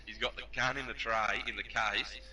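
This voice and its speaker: An Australian man spins rowdy, swear-laden yarns in a very bright, sharp voice. He sits a little back from the mic, and faint noise hums under the recording. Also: lowish voice, moderate pace, far from the mic. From New South Wales, Australia. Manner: profane, animated, laughs while telling stories. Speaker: podcast storyteller. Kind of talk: casual anecdote telling.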